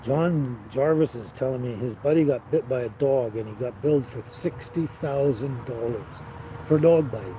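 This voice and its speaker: A man's voice: mid-range voice, normal speed, warm tone, slight background noise, low-quality recording. A man hosting a casual live stream, rambling and chatting with viewers by name. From Canada. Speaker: livestream host.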